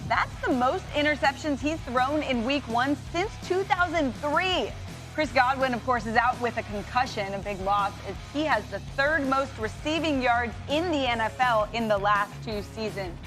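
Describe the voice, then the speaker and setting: A woman hosting a studio sports show, reading scripted segments in a crisp, measured way. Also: sits high, music in the background. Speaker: studio host. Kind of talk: scripted sports broadcast narration.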